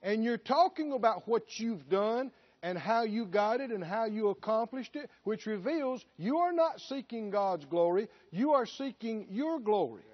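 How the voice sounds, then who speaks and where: Emphatic high-voiced male preacher. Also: lively intonation, a little slow, few pauses. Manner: rhetorical questions, emphatic. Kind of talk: sermon. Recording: dull lo-fi recording.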